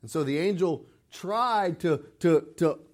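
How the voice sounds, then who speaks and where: A man's voice: fairly high pitch, expressive, a little slow. A middle-aged man preaching a sermon, conversational and rising to emphatic quotes of scripture. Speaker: pastor.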